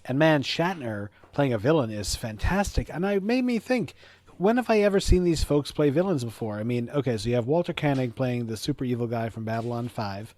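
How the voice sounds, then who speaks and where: A man's voice: medium pitch, lively intonation, brisk, a little mellow. Opinionated male podcast co-host. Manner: opinionated, goes off on tangents. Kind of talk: casual podcast chat.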